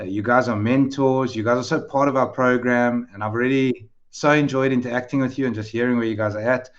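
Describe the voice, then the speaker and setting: A man's voice: medium pitch, lo-fi sound. A man hosting an online information session, welcoming viewers and introducing the panel in a chatty, upbeat way over a video call. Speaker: webinar host, head of school.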